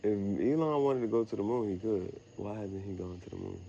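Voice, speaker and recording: A young man talks to himself outdoors on a quiet night, drifting from thought to thought in loose slang. His voice sits low with a gravelly rasp, and now and then he chuckles at his own phrasing. Crickets chirp softly behind him. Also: fairly even intonation, a little fast, lo-fi sound, slight background noise. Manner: meandering, slangy, laughs at himself. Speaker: vlogger. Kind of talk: rambling late-night monologue.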